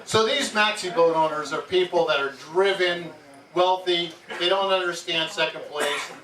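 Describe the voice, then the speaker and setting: A man's voice: high voice, moderate pace. A man from New Jersey giving a keynote speech, telling jokey anecdotes to an audience. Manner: lively, jokey anecdotes with frequent laughs. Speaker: keynote speaker. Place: yacht club event room. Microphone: far amateur camera. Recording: roomy, distant, noisy amateur tape.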